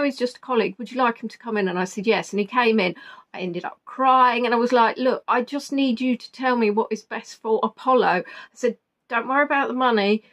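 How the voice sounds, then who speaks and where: A woman's voice: a little high, fairly bright tone. Flustered woman retelling a story. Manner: rambling, flustered retelling with quoted dialogue. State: emotional. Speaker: vlogger. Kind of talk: casual storytelling.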